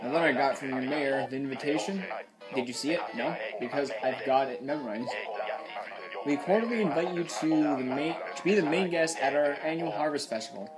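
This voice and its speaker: Guy doing a jumpy turkey from a video game, kinda high-pitched, rambling, game music blasting. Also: a little fast, natural voice, rough recording. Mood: nervous. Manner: nervous, rambling, reads game dialogue aloud. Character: jittery male turkey fearing a feast. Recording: loud game music behind.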